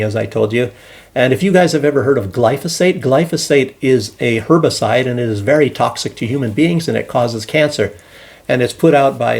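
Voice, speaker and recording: A man's voice: mid-range voice, darkish tone. A man talking alone to his viewers in loose, rambling commentary, often stopping and restarting his sentences. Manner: rambling, hesitant with many restarts. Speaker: commentary channel host. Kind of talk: casual solo commentary.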